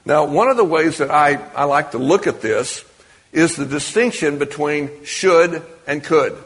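In a reverberant large hall, a church or meeting space with an audience, a preacher with a high-side, fairly bright voice speaks unhurriedly with lively intonation. His sermon is conversational, full of questions directed at the congregation.

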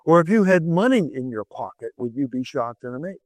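A man's voice: lively intonation, brisk, darkish tone, no room sound, rough recording. A man preaching a sermon, telling a Bible story with dramatic swings in his voice and asking the listeners rhetorical questions. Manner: dramatic, swings pitch to act out quoted voices.

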